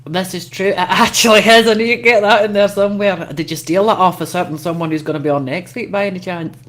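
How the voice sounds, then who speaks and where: A woman's voice: on the low side, fairly even intonation. Brash woman hosting a livestream. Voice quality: brash, swears freely, quick laughter. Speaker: host. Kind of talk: casual livestream chat.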